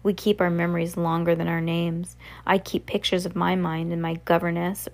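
Faint, sad ghost children murmur from the dark, their speech hushed and old-fashioned, as a woman reading a storybook aloud gives them voice. The voice stays low and gravelly, with little rise and fall.

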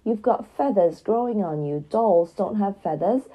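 A woman's voice: mid-range voice, lively intonation, measured pace, husky, dull audio. A woman voicing a big black male kitchen cat who taunts his prey slyly, in a children's storybook reading. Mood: menacing.

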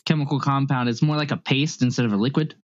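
A man's voice: mid-range voice, fairly even intonation, fast, no echo. A man co-hosting a podcast, explaining things in a hesitant, casual way. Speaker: podcast co-host. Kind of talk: casual chat. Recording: dull, lo-fi dry sound.

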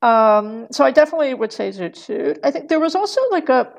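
A woman's voice: sits high, lively intonation, fairly quick, gravelly. A middle-aged woman talking as a podcast guest, rambling through many fillers and restarts and laughing often. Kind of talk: casual podcast conversation.

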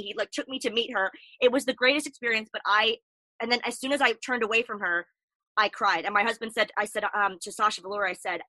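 A woman with a bright, forceful voice pitched a little high chats as co-host, bubbly and full of stories. Her voice sounds dry and close, with no room around it. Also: fast, no echo, poor audio. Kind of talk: casual chat.

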